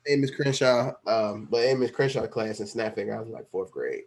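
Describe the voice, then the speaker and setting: A man's voice: on the low side, brisk. A young man co-hosting a podcast, telling stories in a laid-back, casual way. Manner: laid-back storytelling with lots of "like" and "you know". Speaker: podcast co-host. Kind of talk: casual chat.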